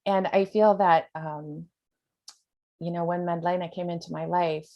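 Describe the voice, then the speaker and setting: A woman's voice: on the low side, fairly even intonation, a little slow, dull audio. Earnest woman coach on a video call. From United States. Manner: earnest, rambling with fillers. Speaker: spiritual coach, host. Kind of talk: spiritual talk on a video call.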